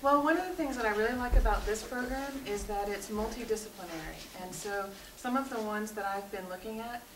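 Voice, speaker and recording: A woman from Tennessee, a mock graduate applicant, giving earnest answers with filler pauses. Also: mid-range voice. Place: seminar room. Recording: roomy, distant, noisy room recording.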